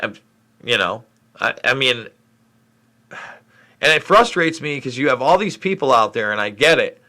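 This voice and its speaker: A middle-aged man from New York State hosts a live question-and-answer stream. He answers viewer comments in a frustrated, rambling way. His voice is bright and forceful. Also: mid-range voice, lively intonation, a little slow. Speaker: livestream host. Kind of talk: live Q&A stream reading chat.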